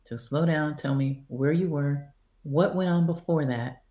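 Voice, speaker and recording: A woman's voice: low-pitched, measured pace. A woman guest on a podcast, casually telling a story and acting out the dialogue. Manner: animated, acts out quoted dialogue. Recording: roomy echo.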